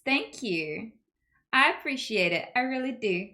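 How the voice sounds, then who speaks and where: A woman streaming, chatting casually with viewers in an animated, chatty way and swearing freely. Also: fairly high pitch, a little slow. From United Kingdom.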